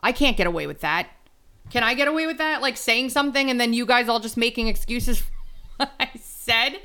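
A woman's voice: fairly high pitch, pushed and bright. Chatty woman podcast host. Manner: chatty and blunt, quick asides. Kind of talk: casual solo podcast commentary.

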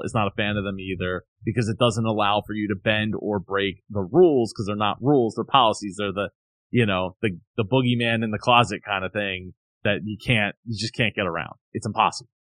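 Brief: male co-host, lively complaining storyteller, dry recording. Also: lowish voice, brisk, no room sound. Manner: animated, ranting, mock-quoting others. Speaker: podcast co-host. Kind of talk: casual chat, telling a complaint story.

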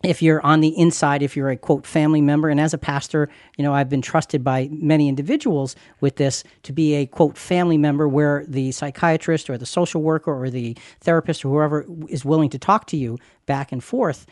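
A man's voice: on the high side, fairly even intonation, a little fast, hardly any pauses, a little mellow, no room sound, clean studio sound. A man who is a pastor and podcast host, talking earnestly and reassuringly about faith, repeating phrases for emphasis. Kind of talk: conversational Christian podcast teaching.

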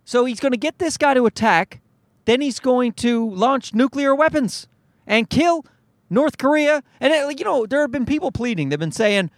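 A man's voice: very high-pitched, animated, moderate pace, no echo. A man hosting a solo podcast, ranting in an exasperated, profane and rambling way. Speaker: podcast host. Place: recorded at home at night.

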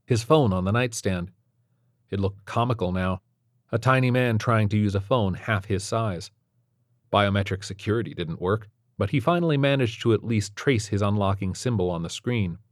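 A man reads a story aloud at a steady, measured pace. His voice is low, and the recording is dry and close with no room sound. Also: no room sound. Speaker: narrator. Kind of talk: scripted narration.

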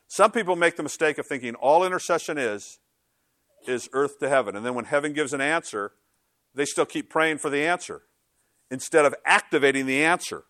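A man preaching a sermon in a relaxed, conversational tone that turns emphatic on key points. His voice sits a little high for a man, and he keeps asking the congregation rhetorical questions. The sound is close and dry. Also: no echo. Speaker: pastor.

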